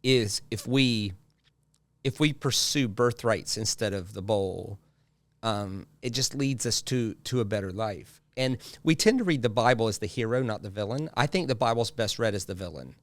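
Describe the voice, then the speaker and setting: A man's voice: lowish voice, moderate pace, dry recording. A man, a guest pastor, talking in a casual podcast conversation, telling stories with lots of repeated phrases for effect.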